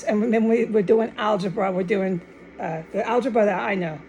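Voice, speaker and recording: A woman's voice: mid-range voice, normal speed, darkish tone, rough recording. A woman giving a fervent, rambling religious monologue to camera, often restarting and dropping in Spanish words. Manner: fervent and insistent. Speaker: online video maker.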